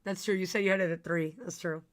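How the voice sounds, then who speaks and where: A young woman streaming a game, chatting casually with her viewers, her voice worn and a little raspy. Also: lowish voice, steady tone, fast, noisy background. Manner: chatty, giggly, talks to chat. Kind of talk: casual live-stream chat.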